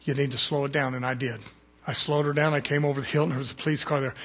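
Husky preacher in full flight. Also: male voice, medium pitch, little pitch movement, very fast. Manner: swings from quiet asides to shouted peaks. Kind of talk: fiery sermon.

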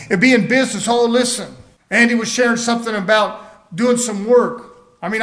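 A man's voice: very high-pitched, fairly bright tone. A man preaching a sermon in a folksy storytelling way, acting out the people he quotes.

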